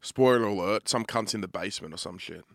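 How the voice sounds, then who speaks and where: A man's voice: lowish voice, fast talker, vocal fry, no echo. A young Australian man co-hosting a podcast, joking and swearing freely in casual banter. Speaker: podcast co-host. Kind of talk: casual chat.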